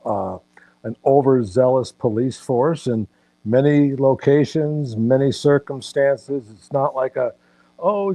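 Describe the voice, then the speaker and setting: Older male guest, mellow dry voice, halting self-deprecating talk. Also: mid-range voice, no room sound, low-quality recording. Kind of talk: casual live-stream chat.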